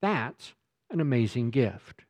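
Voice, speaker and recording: A man's voice: mid-range voice, sing-song, slow, a little mellow. A man preaching a sermon as pastor, speaking emphatically and often repeating words as he presses a point.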